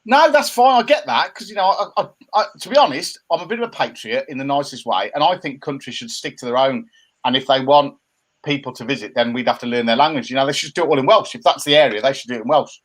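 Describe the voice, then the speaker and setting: A middle-aged man, co-hosting a casual chat show from home and given to animated, jokey rants. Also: medium pitch, fast talker. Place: home room by a window. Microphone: laptop camera.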